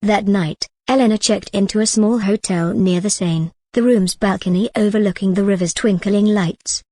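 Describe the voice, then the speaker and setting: A woman storyteller giving a scripted narration of a dramatic story in an even, unhurried way. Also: medium pitch, no room sound.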